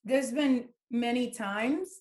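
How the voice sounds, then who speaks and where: Middle-aged woman guest on a podcast, bit high voice, frank and emphatic, tells stories. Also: slow pace, a little mellow. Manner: candid, emphatic, storytelling. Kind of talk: casual conversation.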